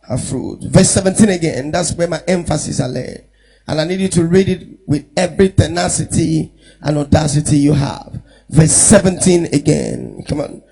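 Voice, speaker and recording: A pastor from Nigeria preaching a sermon, leading the congregation in Bible reading and building into shouted, sing-song exhortation. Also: male voice, sits high, gravelly, husky, poor audio.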